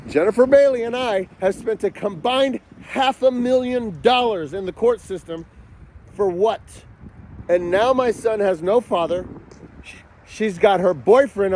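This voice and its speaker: A man ranting angrily to camera, yelling and cursing in a furious outburst. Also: high voice, a little hiss or hum. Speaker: father vlogging about a custody battle. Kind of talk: angry outdoor rant to camera.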